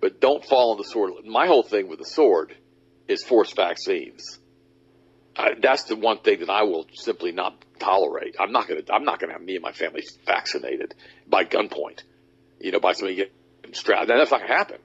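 A man hosting a talk radio show, speaking emphatically and mocking others in high put-on voices. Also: animated, brisk, slightly rough. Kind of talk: animated talk radio monologue. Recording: dull lo-fi audio.

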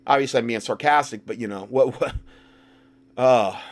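A man giving sarcastic commentary while reading documents, mocking the text and rising to loud outbursts. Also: mid-range voice, normal speed. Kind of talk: sarcastic commentary with read-out passages.

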